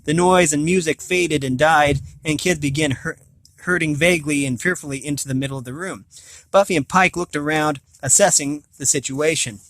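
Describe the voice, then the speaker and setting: A man's voice: on the high side, moderate pace, fairly bright tone, no room sound. A man reading a novel aloud, often stumbling, restarting and correcting himself. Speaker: reader of a novel. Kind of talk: amateur audiobook reading.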